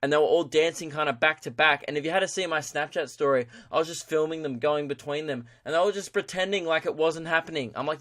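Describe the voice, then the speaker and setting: A man's voice: on the high side, quick pace, hardly any pauses, a bit bright, no room sound, clean studio sound. A young man, hosting a solo comedy podcast and ranting in a sweary way while laughing at his own jokes. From Australia. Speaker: podcast host.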